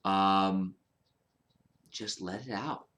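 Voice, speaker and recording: A man's voice: deep voice, very slow, sharp tone. A man talking casually to camera in a rambling, profane monologue full of restarts. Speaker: vlogger.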